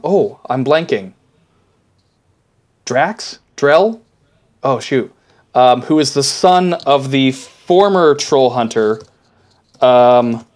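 A man co-hosting a podcast, chatting casually and enthusiastically, rambling with lots of fillers. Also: mid-range voice. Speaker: podcast co-host. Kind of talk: casual chat.

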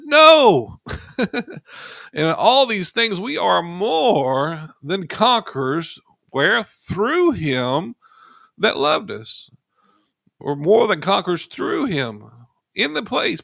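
A man's voice: mid-range voice, vocal fry, a bit bright, no echo, clean studio sound. A man preaching a sermon, reading scripture aloud and leading his listeners in prayer.

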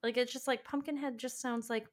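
A woman co-hosting a casual movie podcast, animated and playful as she recaps a film. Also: on the high side, brisk. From not from the US. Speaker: podcast co-host. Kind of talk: casual movie review chat.

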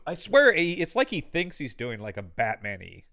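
Male podcast co-host, casual chat; blunt, cusses, exclaims; animated pitch. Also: moderate pace. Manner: blunt, swears freely, exclaims.

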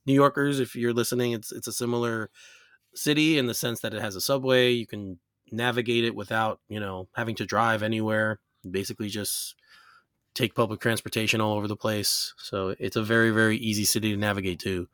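An American podcast host in New York chats casually, filling his talk with fillers and restarts. His fairly low, slightly bright voice is fairly even and fairly quick, recorded in studio quality with no room sound.

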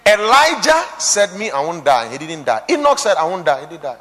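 Man, preacher, sermon, high voice, very animated delivery, shouts and hushed drops, long hall reverb. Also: normal speed. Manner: preaching with sudden shouts and quiet drops, quoting scripture.

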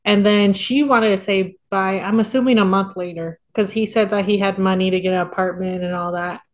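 A woman's voice: medium pitch, steady tone, a little fast. A woman co-hosting a casual film-review podcast, wry and sarcastic. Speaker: podcast co-host.

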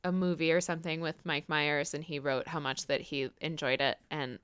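A woman's voice: sits low, fairly even intonation, normal speed, fairly bright tone, clean tone. A woman co-hosting a podcast in casual chat, rambling and searching for words as she tells stories. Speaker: podcast co-host.

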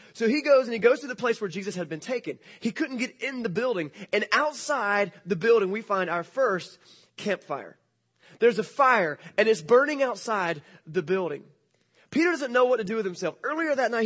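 High-voiced, casual storytelling preacher. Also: male voice, fairly quick. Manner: casual, jokey, animated retelling. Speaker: pastor. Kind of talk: sermon storytelling. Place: church hall with congregation.

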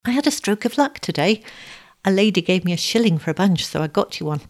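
A woman reading a storybook voices an earnest, tender young flower girl with a brighter, lifted tone. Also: mid-range voice, lively intonation, fast talker, lightly acted.

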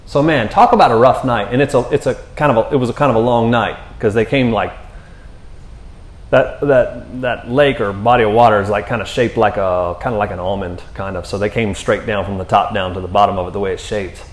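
A man's voice: fairly low pitch, fairly even intonation, a little fast. A male pastor preaching in a loose, conversational way, often tossing in "man" and "you know.". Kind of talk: sermon. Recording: echoey room.

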